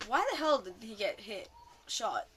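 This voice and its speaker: A woman ranting casually about a film, rambling excitably and often losing her train of thought. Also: on the high side, measured pace, slight background noise. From Australia. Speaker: vlogger.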